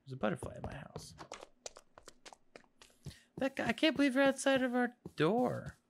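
A gaming video host giving excitable play-by-play commentary, chatting to the game's creatures and swinging between whispers and shouts. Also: medium pitch, normal speed, gravelly, noisy background. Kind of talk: gameplay commentary.

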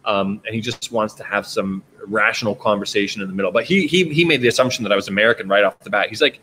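A man's voice: on the low side, quick pace, few pauses, bright, forceful tone, a little hiss or hum. A man with a Canadian accent hosting a casual live stream chat, rambling with plenty of fillers and restarts. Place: home in China.

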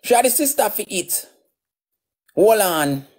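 A woman's voice: mid-range voice, sing-song, a little slow, a little mellow. A woman with a Jamaican accent ranting and cursing on a livestream, sometimes sliding into a sing-song tone. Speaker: livestream host. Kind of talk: heated livestream rant.

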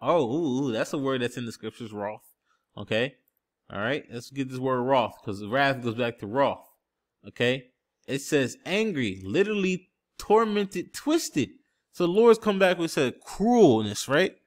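A man's voice: mid-range voice, animated, a little slow. Emphatic male scripture preacher. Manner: emphatic, repeats "okay?" and "man" constantly; looks up word definitions on screen while talking. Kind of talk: street-style scripture teaching.

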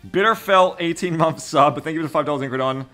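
A man's voice: fairly high pitch, quick pace, faint music behind. A man streaming a game and casually thanking subscribers and donors by name. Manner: thanking donors warmly, reading names. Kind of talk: casual live-stream chat.

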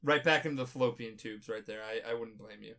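A man's voice: mid-range voice, fast, creaky. Drunk young male co-host, profane rambler, mid-range voice. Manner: rambling, profane, jumps into loud playacting. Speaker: podcast co-host. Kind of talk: casual podcast chat.

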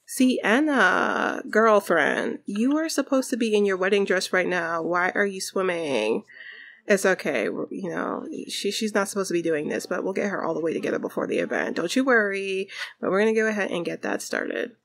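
A woman's voice: medium pitch, animated, normal speed, fairly bright tone. Chatty giggly woman narrating a game. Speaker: gaming YouTuber.

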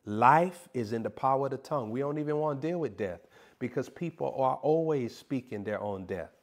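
A man's voice: medium pitch, animated, fairly quick. A man preaching a sermon in a comedic, playful way, teasing and mock-scolding his listeners.

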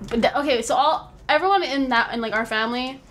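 A young woman hosting a casual podcast chat with family, telling stories in an animated way and swearing freely. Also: sits high, fast, slight background noise. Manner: animated storytelling with frank swearing. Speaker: podcast host.

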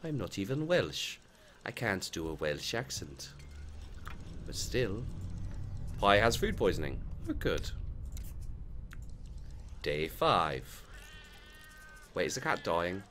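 Very deep-voiced man narrating gameplay. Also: very animated, slow, long pauses, sharp tone, a little hiss or hum. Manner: mutters and exclaims to game characters, swears freely. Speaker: let's play gamer. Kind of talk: casual gameplay commentary.

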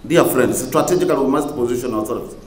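Speaking fast at a medium pitch, this male minister from Uganda addresses a conference in a roomy hall with slight background noise. His oratorical style leans on repeated key points and phrases, building to emphatic peaks throughout the public speech.

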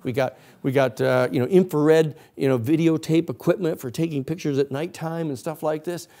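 Male storyteller doing a sloshed, bragging security man; loose talk, higher voice. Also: fairly even intonation, moderate pace, warm tone, natural voice.

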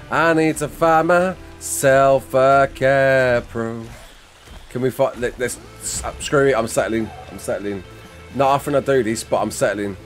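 A man giving gameplay commentary, chatty and talking to himself, laughing at mishaps. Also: mid-range voice. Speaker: gaming YouTuber.

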